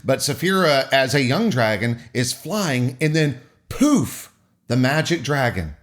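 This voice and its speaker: A man's voice: medium pitch, big pitch swings, unhurried. A man co-hosting a book podcast, teasing and ranting animatedly and swearing freely. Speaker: podcast co-host and reader. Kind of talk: casual chat.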